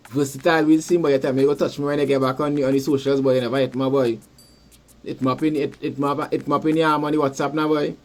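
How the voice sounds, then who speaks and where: Trinidadian man hosting casual sports talk. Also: mid-range voice. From Trinidad and Tobago. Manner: rambling, repeats words, shouts out listeners. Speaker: podcast host. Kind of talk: casual live sports chat.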